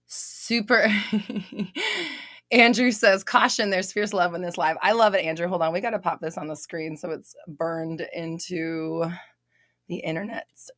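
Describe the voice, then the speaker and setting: A young woman hosting a casual live stream, reading out comments, loud and expressive, laughing often and swearing casually. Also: fairly low pitch, normal speed, no echo, studio quality.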